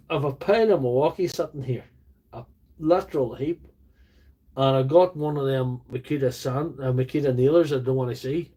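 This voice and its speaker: A man's voice: mid-range voice, warm tone. A man with a Northern Irish accent hosting a casual live stream from a makeshift workshop, chatting in a rambling, self-deprecating way. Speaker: livestream host, tool repairer. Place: makeshift home workshop studio. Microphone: phone on small tripod.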